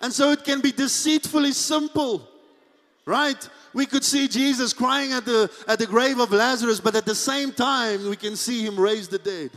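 Male pastor, high-pitched, bright preaching voice, recorded with long church reverb. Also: normal speed. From South Africa. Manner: preaches with big swings between hushed asides and shouted peaks. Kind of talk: sermon.

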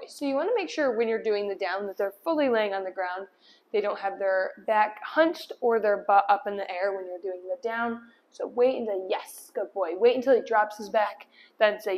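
A woman's voice: mid-range voice, normal speed, a little mellow. A woman dog trainer explaining each step while giving short commands and praise to a dog in an indoor room. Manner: upbeat praise, firm cues.

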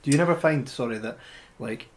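A man's voice: medium pitch, a little fast, a little hiss or hum. A Scottish man co-hosting a podcast, asking long, rambling questions in a casual chat. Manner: rambling questions, short agreeing replies. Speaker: podcast co-host.

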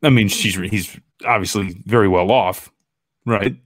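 Joking podcast host, dry close sound. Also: male voice, lowish voice, unhurried, no room sound. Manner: joking, laughs often, reacts to images on screen. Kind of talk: casual chat.

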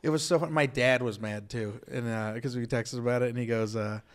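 A man's voice: medium pitch, steady tone. A man, a comedian guest chatting on a podcast, joking and acting out quotes. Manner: quick, joking, acts out quotes. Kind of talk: casual podcast chat.

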